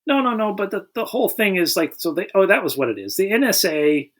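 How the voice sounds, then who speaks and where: A man recapping a film plot on a casual podcast, rambling and making fun of himself. His voice sits fairly high. It moves up and down a lot as he talks. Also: very animated, quick pace. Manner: rambling, self-deprecating storytelling. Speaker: podcast co-host. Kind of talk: casual movie recap chat.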